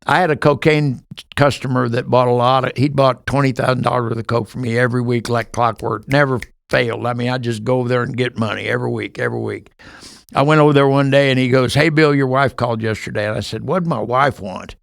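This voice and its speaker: Older man, gravelly voice, dry close sound, earnest storyteller, podcast guest. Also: mid-range voice, steady tone, fast talker, no room sound. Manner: earnest storyteller, acts out quoted dialogue. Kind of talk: telling his life story.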